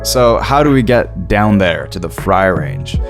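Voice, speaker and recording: A man's voice: low-pitched, very animated, a little slow, soft background music. Young man giving a mock voice tutorial. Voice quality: sarcastic, goofy. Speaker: comedy YouTuber.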